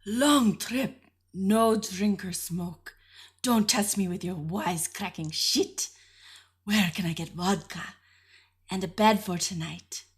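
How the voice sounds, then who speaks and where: Woman playing a husky condescending old mystic. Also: medium pitch, slow pace. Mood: irritable. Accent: thick foreign accent. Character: aged acerbic woman mystic, impatient and condescending.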